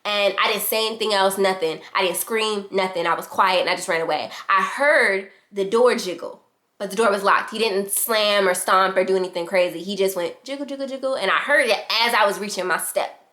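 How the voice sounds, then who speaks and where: A young adult woman, a vlogger, tells a casual storytime at a fast clip and acts out the quotes in animated voices. Her pitch sits in the medium range.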